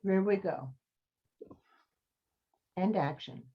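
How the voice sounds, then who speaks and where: A woman's voice: mid-range voice, drawn-out words, slightly rough. A woman acting teacher coaching students over a video call, encouraging and calling them sweetie and honey. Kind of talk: coaching students in an online class. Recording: dull lo-fi call audio.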